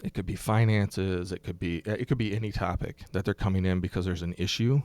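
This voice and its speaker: A middle-aged man, a pastor, explaining his ideas in a relaxed podcast conversation, thinking aloud with ums and restarts. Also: sits low, brisk, no room sound. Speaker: pastor and guest.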